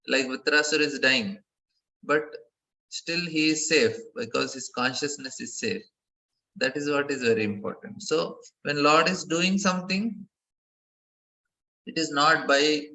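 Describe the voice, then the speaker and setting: A man giving a devotional class lecture, earnest, often repeating phrases and laughing softly between points. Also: a little high, a little slow, rough recording. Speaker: speaker giving a scripture class.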